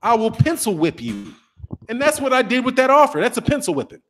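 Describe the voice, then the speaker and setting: A middle-aged man hosting a boxing channel, talking in a casual, animated, profane monologue. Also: very high voice, brisk. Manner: animated, profane, acts out voices of others.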